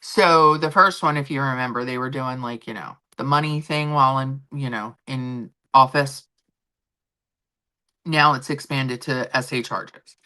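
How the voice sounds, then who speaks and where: A woman's voice: extremely low pitch, a little slow, bright, forceful tone. A middle-aged woman hosting a livestream, chatting casually and with strong opinions, full of fillers and restarts. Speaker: livestream host. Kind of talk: casual chat about royal gossip.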